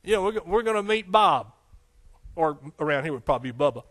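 A man's voice: on the high side, animated, quick pace, a bit bright. A man preaching a folksy, conversational sermon, with frequent amens and hallelujahs. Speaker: pastor.

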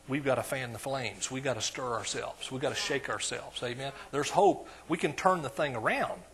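A man with an East Texas accent preaching a sermon in a church, calling for amens and swinging between quiet asides and loud emphasis. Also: mid-range voice, normal speed.

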